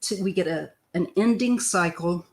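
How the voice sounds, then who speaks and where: Older woman, Missouri-born tarot reader, live-stream style: loose, chatty, throat-clearing. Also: on the low side, normal speed.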